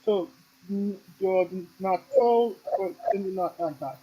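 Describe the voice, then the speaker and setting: A woman's voice: medium pitch, unhurried, slightly rough, lo-fi sound. A woman hosting an interview who asks playful, jokey questions in a casual, upbeat way. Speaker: interview host.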